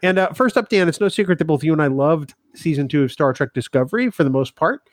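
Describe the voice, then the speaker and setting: A man's voice: on the high side, lively intonation, fast, dry recording, clean studio sound. A man co-hosting a podcast, teasing and laughing easily in casual banter. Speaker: podcast co-host.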